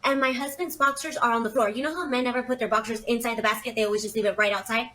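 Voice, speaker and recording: A young woman tells a dramatic confession story as if it were her own. She talks casually and fills it with lots of "like"s, and her voice sits a little high and sounds bright and sharp. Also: steady tone, rapid-fire. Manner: chatty, dramatic, many fillers. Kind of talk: casual first-person storytelling.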